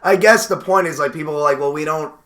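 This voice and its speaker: A man's voice: a little high, fast talker, a bit bright. A young man co-hosting a podcast, rambling in casual banter with lots of "like" fillers and frequent laughs. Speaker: podcast co-host.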